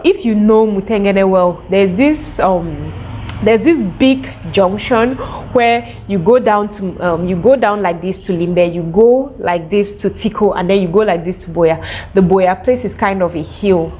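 A young Cameroonian woman telling a casual storytime to her viewers, lively and animated. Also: medium pitch, a little slow, a little hiss or hum. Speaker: vlogger.

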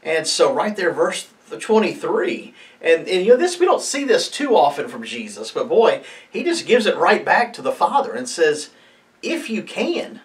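Man, preacher type, slightly high voice, halting delivery full of restarts, recorded a bit off-mic. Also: very animated, recorded from a distance. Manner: halting, many fillers and restarts, reads scripture aloud. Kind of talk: informal mid-week devotional talk.

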